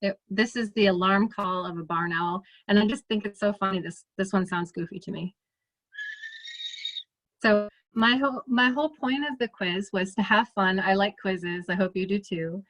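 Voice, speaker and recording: A woman with a Midwestern American accent, an ornithologist giving a relaxed, chatty presentation over a video call, full of fillers and restarts. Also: mid-range voice, moderate pace, no room sound. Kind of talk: casual presentation.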